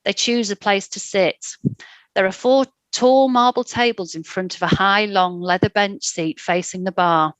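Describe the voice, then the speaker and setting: A woman reading her own short story aloud in a calm, measured way. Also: mid-range voice, no echo.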